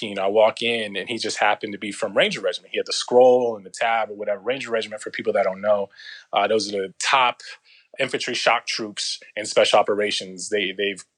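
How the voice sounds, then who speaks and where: A man telling a long story in a casual interview, slangy and profane, with loose rambling restarts and quick impressions of other people. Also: on the low side, steady tone, a bit bright. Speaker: guest.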